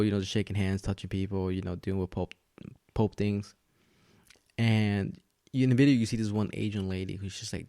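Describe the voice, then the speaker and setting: A man's voice: lowish voice, vocal fry, a little mellow, no echo, studio quality. A young man hosting a podcast, telling a story in rambling casual chat, laughing often and swearing. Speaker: podcast host.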